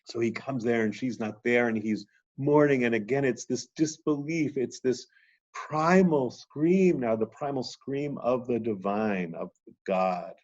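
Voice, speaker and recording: A man's voice: medium pitch, a little slow, a little mellow, highs cut off. A man lecturing on a text, reading passages aloud with rising drama and then explaining them.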